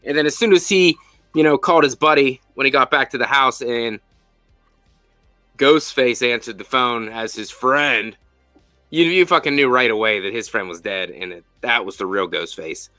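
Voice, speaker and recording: A man hosting a casual spoiler review chat, animated and profane, with lots of fillers. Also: mid-range voice, normal speed, dry recording, soft background music. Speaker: podcast host.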